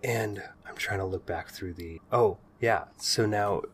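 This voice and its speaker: A man's voice: fairly low pitch, measured pace, fairly bright tone, a little hiss or hum. A man co-hosting a podcast, talking casually and thinking aloud with many fillers and restarts. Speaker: podcast co-host. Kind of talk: casual chat.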